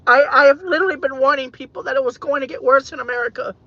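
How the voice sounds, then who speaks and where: A woman vlogging in a car, talking in an emotional, halting, rambling way, repeating herself and saying "man" a lot. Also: high voice, pushed and bright, no echo. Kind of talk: emotional off-the-cuff monologue. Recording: dull, dry lo-fi audio.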